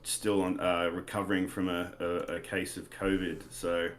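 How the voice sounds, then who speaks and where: A man's voice: sits low, flat delivery, moderate pace, slight background noise. An Australian man, a podcast guest, talking in a laid-back, hesitant way.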